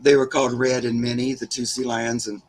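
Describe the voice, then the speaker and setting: Chatty man with a husky voice. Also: mid-range voice, brisk, poor audio. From Southern California. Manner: chatty storyteller, warm and animated about animals. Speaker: spirit medium. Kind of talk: casual chat.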